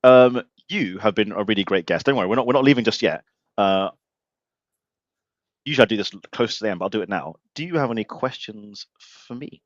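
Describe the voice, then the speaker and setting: A man's voice: lowish voice, lively intonation, a little fast, no room sound, muffled recording. A man hosting a live-stream interview, blunt and joking, with emphatic opinions and mild swearing. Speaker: podcast host.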